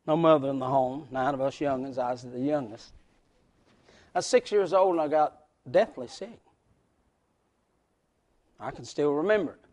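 A man with a West Virginia accent preaching a folksy sermon to a congregation, swinging from shouts to hushed words. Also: medium pitch, normal speed, long pauses. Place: church service before a congregation.

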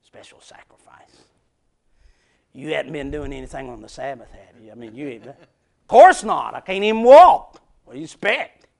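A man preaching a folksy sermon, moving from hushed near-whispers to loud shouts. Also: fairly high pitch, very animated, fairly quick, creaky. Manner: folksy, laughs between points. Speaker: pastor.

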